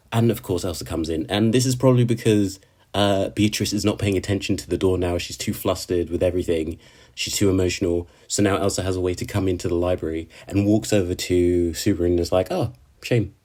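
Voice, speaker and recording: A man with a fairly low voice talks through an anime episode in a loose, chatty way. He rambles, restarts his sentences and drops casual slang as he goes. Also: brisk, warm tone. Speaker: anime reviewer. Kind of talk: casual episode recap commentary.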